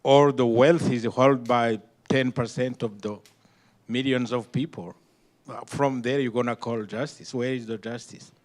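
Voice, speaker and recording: A man from Rwanda speaks as a panelist, his Rwandan accent colouring every phrase. His delivery is emphatic and halting, built around pointed rhetorical questions, in a voice of ordinary middle pitch. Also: steady tone. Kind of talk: impassioned panel remarks.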